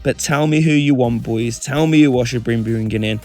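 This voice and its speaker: A young man hosting a video game let's-play, excitable and given to loud celebratory shouts. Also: medium pitch, moderate pace, roomy sound, soft background music. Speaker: gaming channel host. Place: home room.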